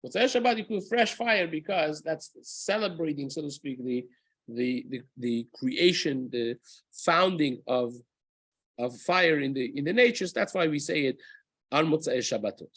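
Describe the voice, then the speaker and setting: Husky-voiced rabbi teaching a lesson. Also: male voice, on the high side, expressive, moderate pace, dry recording, poor audio. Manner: explanatory, with frequent restarts and "right?" checks; drops into chanting Hebrew verses. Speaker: rabbi teaching a daily halacha class. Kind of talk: casual Torah lesson.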